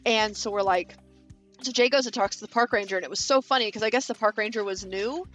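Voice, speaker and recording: Talking fast in a mid-range, fairly bright voice over faint music, a woman in her thirties from Kansas chats with her vlog viewers while building. Her long, rambling story is full of fillers and casual cursing.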